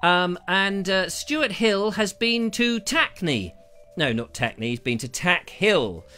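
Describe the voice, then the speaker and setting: A man's voice: high-pitched, lively intonation, takes it slowly, pushed and bright, clear, resonant tone, soft background music. A British man hosting a live stream, chatting in a jokey, rambling way as he reads out viewer comments on a lavalier mic. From Britain. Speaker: host of a live show.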